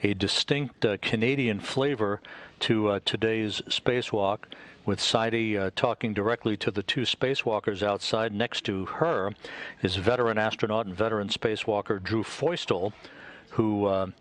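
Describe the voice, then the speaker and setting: A man giving live commentary on a spacewalk broadcast in a measured, informative way with frequent fillers. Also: fairly low pitch, steady tone, fairly bright tone.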